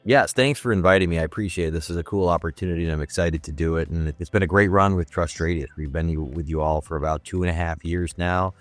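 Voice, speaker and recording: A man's voice: low voice, fast talker, few pauses, no room sound, faint music behind. A man speaking as a guest in a casual video-call interview, upbeat and conversational, with frequent fillers. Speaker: guest, customer marketing manager.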